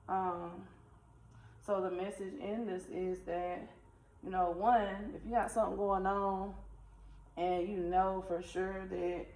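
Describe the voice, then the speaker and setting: A woman shares a faith story in a relaxed, animated, chatty way. Her voice sits at a middle pitch. It's recorded in an echoey room with a faint hum underneath. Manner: animated, conversational, uses dialect. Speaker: spiritual vlogger. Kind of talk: casual storytelling testimony.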